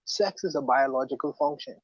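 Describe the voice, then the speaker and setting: A man's voice: medium pitch, a little fast, no room sound. A man co-hosting a podcast who speaks in a blunt, slangy, opinionated way. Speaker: podcast co-host. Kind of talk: casual podcast chat. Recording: dull lo-fi sound.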